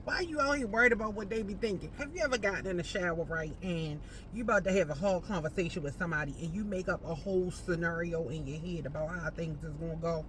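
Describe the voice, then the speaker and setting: A woman entrepreneur chatting casually to camera while parked outside a post office, animated and playful, calling the viewer baby. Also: fairly low pitch, quick pace, few pauses, slight background noise. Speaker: entrepreneur vlogger.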